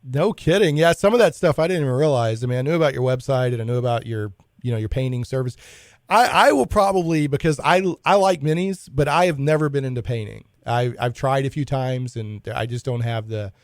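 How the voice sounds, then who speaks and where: A man's voice: medium pitch, a little fast, no echo. A male radio show host talking in a casual, enthusiastic way, rambling a little and restarting his sentences while he interviews a guest in the studio.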